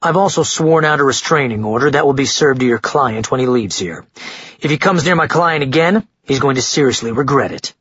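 A man's voice: medium pitch, animated, fairly bright tone, breathy edge, no room sound, lo-fi sound. A man voicing a cocky, relentless male lawyer who reels off charges smugly. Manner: smug, brisk and raised.

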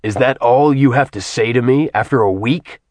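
A man's voice: medium pitch, moderate pace, darkish tone, no echo, close to an everyday voice. A man voicing a sullen, curt man in a storybook reading. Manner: curt, growling.

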